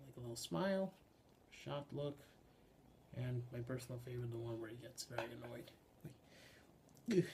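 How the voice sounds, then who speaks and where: Young adult man, puppeteer, informal explanation, halting delivery, frequent restarts, faint background hiss. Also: mid-range voice. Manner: halting, restarts sentences, frequent filler sounds. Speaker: puppeteer and voice actor.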